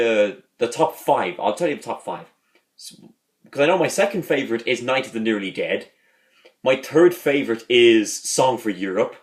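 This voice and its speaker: A man hosting a casual video, rambling as he talks, repeating words and restarting his sentences. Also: medium pitch. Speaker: video host reviewing a sitcom. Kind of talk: casual vlog talk.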